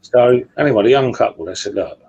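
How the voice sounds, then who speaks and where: A man's voice: medium pitch, quick pace, vocal fry, a little mellow, slightly rough, lo-fi sound. A man telling a crude joke in casual chat, checking in with his listeners as he goes. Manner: crude, chatty storyteller who keeps checking in with listeners.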